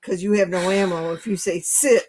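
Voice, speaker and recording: A woman's voice: lowish voice, normal speed, darkish tone. A woman in casual chat, bluntly mocking and complaining about a movie. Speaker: podcast co-host.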